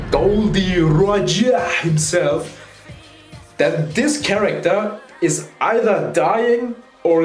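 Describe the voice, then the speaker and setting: A man giving an excited, casual review of a manga chapter, swearing freely and acting out the characters' lines. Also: on the high side, reverberant.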